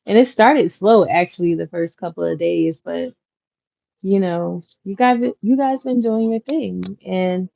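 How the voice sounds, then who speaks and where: Woman, 30s, channel host; unhurried, slightly low voice, casual slang, dull lo-fi recording. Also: gravelly. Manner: chatty, relaxed slang, frequent fillers. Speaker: content creator, channel host. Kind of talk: casual chat to viewers. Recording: dull lo-fi audio. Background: clacking noise.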